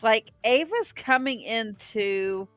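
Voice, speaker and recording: A woman's voice: fairly high pitch, expressive, slow, dry recording. A woman co-hosting a casual reality-show recap, opinionated and outspoken, swearing freely. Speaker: podcast co-host.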